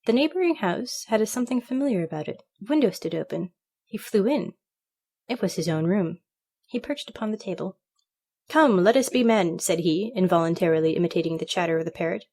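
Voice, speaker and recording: A woman's voice: fairly low pitch, quick pace, mellow. Woman narrating a fairy tale. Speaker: storybook reader. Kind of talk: scripted narration.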